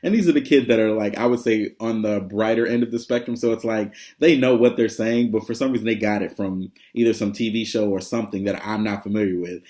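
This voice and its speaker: Casual vlogger, a man with a lowish voice, talks loosely with plenty of ums. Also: fairly quick, hardly any pauses, darkish tone. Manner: chatty, rambling, many fillers, laughs often. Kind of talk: casual vlog update.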